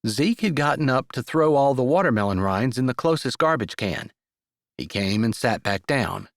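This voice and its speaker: Expressive male audiobook narrator. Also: medium pitch, moderate pace, no room sound, studio quality. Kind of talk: scripted narration.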